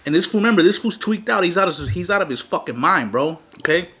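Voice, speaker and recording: A young man with a fairly high voice telling a wild story in a relaxed, slangy way, swearing freely as he goes. He talks between bites, loose and animated, the way you would with friends. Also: quick pace, slightly rough. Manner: profane, slangy, animated retelling. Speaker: mukbang host. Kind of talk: casual storytime while eating.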